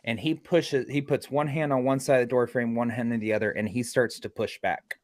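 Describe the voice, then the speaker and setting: A man, a paranormal investigator guest, telling stories in a podcast interview and acting out quotes with excitement. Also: mid-range voice, brisk, dry recording. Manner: excited, acts out quotes loudly. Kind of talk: animated storytelling in a podcast interview.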